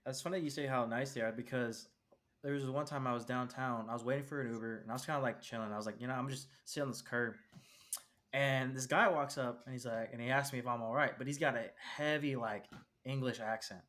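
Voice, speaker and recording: A fast-talking man co-hosting a casual podcast. He rambles through stories and acts out what people said to him. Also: mid-range voice, fairly even intonation, fairly bright tone. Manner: rambling anecdotes with quoted dialogue. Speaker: podcast co-host. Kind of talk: casual chat.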